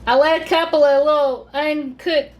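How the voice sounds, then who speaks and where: A woman's voice: sits high, steady tone, normal speed. Gushing Southern woman cooking at home. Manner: chatty and gushing, says y'all a lot. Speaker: cooking channel host. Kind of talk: casual cooking video.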